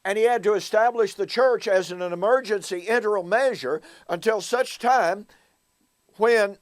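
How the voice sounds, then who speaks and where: A man giving a recorded Bible teaching talk, telling stories earnestly and addressing his listeners as folks, slowing down to stress key words. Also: high-pitched, no room sound. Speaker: Bible teacher and show host.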